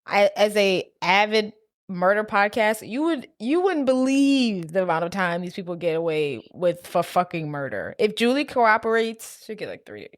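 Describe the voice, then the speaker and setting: Lively, swearing woman in a dry room. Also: mid-range voice, no echo. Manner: lively, swears freely, quick reactions. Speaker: podcast co-host. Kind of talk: casual movie chat.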